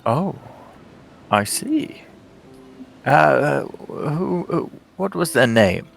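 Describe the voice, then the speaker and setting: A man's voice: on the high side, big pitch swings, very slow, vocal fry, soft background music, voice pushed up, full character voice. A man voicing a kindly elderly male priest who is hard of hearing and stammers and repeats his words.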